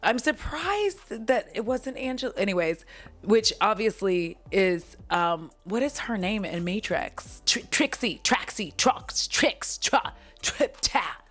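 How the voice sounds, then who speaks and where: A woman's voice: mid-range voice, lively intonation, slow, a bit bright. Woman vlogger, giggly, rambling, swears a lot, casual movie chat, faint music behind.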